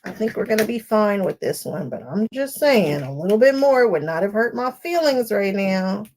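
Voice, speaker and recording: A woman's voice: medium pitch, expressive, moderate pace, a little mellow, slight background noise. A woman hosting a live paper-piecing stream, chatting casually and going off on tangents while she talks to viewers by name. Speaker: quilting livestream host. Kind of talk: casual live crafting chat.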